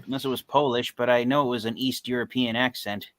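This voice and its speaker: A man co-hosting a live stream in relaxed, casual talk, often dropping in short agreeing sounds. His voice sits at a middle pitch. The sound is dry and close. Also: fast talker, dry recording. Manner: relaxed, with frequent short backchannel replies. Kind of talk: casual fan chat.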